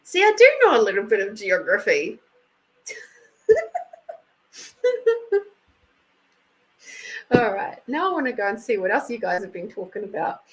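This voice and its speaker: A woman's voice: mid-range voice, big pitch swings, slow pace, pauses often, rough recording. An Australian woman hosting a casual live stream, chatty and laughing often as she thanks viewers by name. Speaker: intuitive reader and live stream host.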